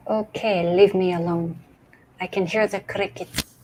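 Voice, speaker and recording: A woman's voice: fairly low pitch, fairly even intonation, measured pace, darkish tone, slight background noise, poor audio. A woman co-hosting a casual horror watch-along chat, tossing out dry, wisecracking quips. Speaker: podcast co-host.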